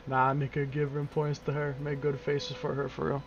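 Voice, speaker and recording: A man's voice: mid-range voice, little pitch movement, a little fast, hardly any pauses, faint music behind. A young man streaming a game, chatting casually, swearing and joking back at his chat. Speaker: gaming streamer. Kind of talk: casual profane gameplay commentary.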